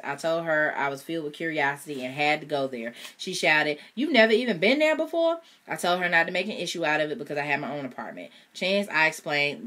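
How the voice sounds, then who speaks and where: A woman's voice: deep voice, a bit bright. A woman reading a novel aloud, with casual chatty asides. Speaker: reader.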